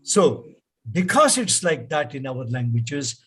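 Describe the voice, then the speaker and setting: A man with an Indian English accent teaching pronunciation in an online class, slow and patient, repeating words for students to echo. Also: mid-range voice, expressive, a bit bright, slightly rough.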